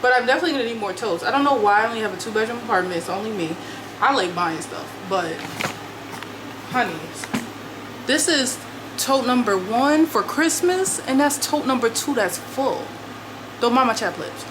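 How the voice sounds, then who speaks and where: Here a slightly high, animated female voice moves at a moderate pace over some background noise. She's a vlogger in her twenties, chatting slangily to herself while decluttering her apartment.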